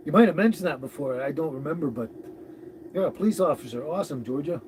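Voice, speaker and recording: A man hosting a casual live stream, greeting viewers and chatting in a relaxed, rambling way with frequent chuckles. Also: on the high side, fast. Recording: noisy recording with birds behind.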